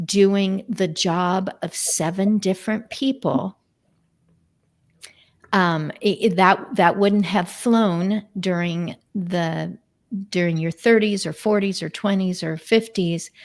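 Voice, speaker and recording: Slow-talking woman hosting a live interview. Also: fairly low pitch. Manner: rambling, searching for words with many fillers. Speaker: host.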